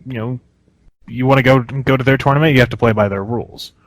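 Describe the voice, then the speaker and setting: A man co-hosting a podcast, talking casually and reflectively, pausing and searching for words. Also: medium pitch, steady tone, no echo, low-quality recording. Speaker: podcast co-host. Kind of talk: casual conversation.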